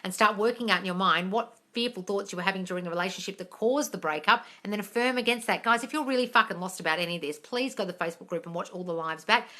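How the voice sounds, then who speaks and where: A woman hosts a live-stream Q&A, giving listeners firm, practical coaching. Her voice is bright and forward. She is direct and familiar, calls people darling, and lets a casual swear slip now and then. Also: lowish voice. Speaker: manifesting coach answering viewer questions.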